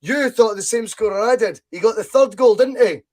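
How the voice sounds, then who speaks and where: A Scottish man hosting a casual football quiz podcast, excitable and quick to shout when delighted. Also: sits high. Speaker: podcast host.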